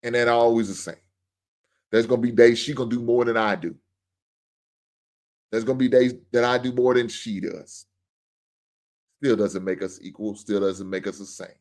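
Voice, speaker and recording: A man's voice: medium pitch, fairly even intonation, normal speed, pauses often, darkish tone. A middle-aged man hosting a show, in a blunt, joking, ranting monologue. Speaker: podcast host. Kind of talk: casual monologue.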